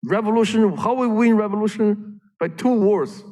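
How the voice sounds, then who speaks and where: A man gives an academic talk in a slightly high voice. He speaks with lively emphasis and often restarts his sentences, with fillers along the way. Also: moderate pace. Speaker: panel speaker.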